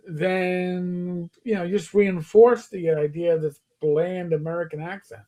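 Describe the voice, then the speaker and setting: A man's voice: high voice, fairly even intonation, moderate pace, few pauses, a little mellow. A man with a New York accent co-hosting a casual livestream chat, opinionated and explaining his points at length. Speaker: co-host.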